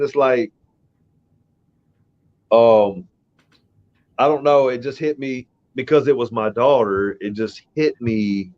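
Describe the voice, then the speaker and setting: A middle-aged man hosting a casual podcast, telling a personal story in a rambling, profane, emotional way. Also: medium pitch. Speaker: podcast host. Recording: dull lo-fi audio.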